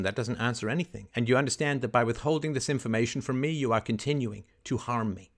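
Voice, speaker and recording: A man hosting a call-in advice show, scripting a confrontation in forceful, indignant tones with rapid rhetorical questions and swearing. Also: mid-range voice. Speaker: host.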